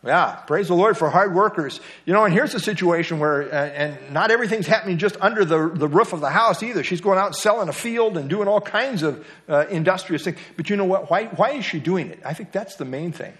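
A middle-aged man leads a Bible study class in a relaxed, chatty manner. He keeps asking his listeners questions and throws in light jokes. His voice sits a little above the usual male pitch. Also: brisk, hardly any pauses. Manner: conversational, quizzes the class and jokes. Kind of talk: interactive Bible study lesson.

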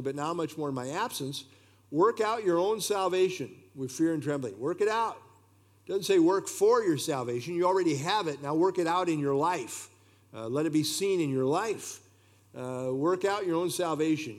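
At an unhurried pace, a man teaches a Bible study verse by verse, giving plain explanations. His voice is on the high side, and he says "uh" often.

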